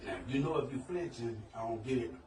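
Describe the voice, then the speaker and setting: A man's voice: medium pitch, brisk, background noise. A man coaxing and reassuring a friend, telling him to close his eyes. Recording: echoey room, far from the mic.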